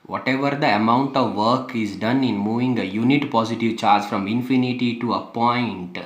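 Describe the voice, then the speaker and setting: A man's voice: mid-range voice, moderate pace, echoey room, muffled recording. A man teaching a physics lesson, repeating key phrases with emphasis and asking rhetorical questions. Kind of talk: classroom lecture.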